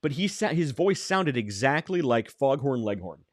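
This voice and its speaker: A man's voice: mid-range voice, big pitch swings, normal speed, no room sound. A man hosting a casual podcast chat, rambling with restarts and dry jokes. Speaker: podcast host.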